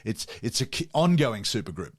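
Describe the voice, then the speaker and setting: A man's voice: medium pitch, very animated, moderate pace, slightly rough. A man hosting a music show, chatting casually and jokily with lots of restarts. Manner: jokey, rambling, many restarts. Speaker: radio music show host. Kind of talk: casual chat.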